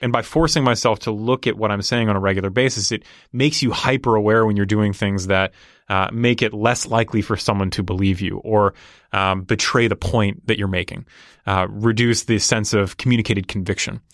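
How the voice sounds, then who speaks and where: Guy talking fast and sure of himself, lowish voice, dry close sound. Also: fairly even intonation, dry recording. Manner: fast, confident, explanatory. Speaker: negotiation guest. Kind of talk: casual conversation.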